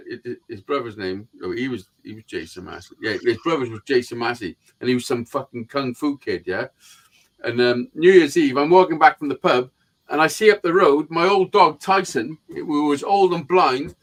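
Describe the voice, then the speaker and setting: On a low-quality recording, a live-stream host with a fairly high voice chats casually and spins profane stories. He's an animated storyteller who acts out the quotes himself.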